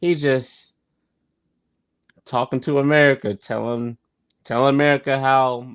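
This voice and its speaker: A man hosts a casual review vlog, speaking straight into the camera at an unhurried pace. His pitch sits in the middle of the range, and he often repeats a phrase twice and pads his sentences with "like". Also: steady tone, clear, resonant tone, no echo. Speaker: YouTube show host reviewing a sitcom. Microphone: talking straight to camera.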